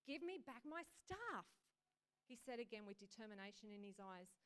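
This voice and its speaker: Woman reading out jesus as an insistent man, firm and emphatic, smooth voice, sermon story. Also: medium pitch, steady tone, fast talker, natural voice. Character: stern then joyful male Jesus, insistent. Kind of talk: read-aloud sermon story.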